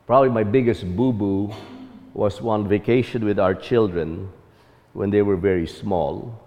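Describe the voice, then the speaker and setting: A man's voice: on the low side, measured pace, big-room sound, highs cut off. A man telling a personal story about fatherhood as an earnest testimony.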